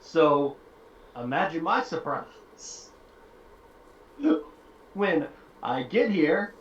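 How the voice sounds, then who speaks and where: A man's voice: fairly high pitch, very animated, very slow, slight background noise. A man playing a tabletop game, talking casually and crudely with swearing. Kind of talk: casual chat. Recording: distant, dull, echoey mic.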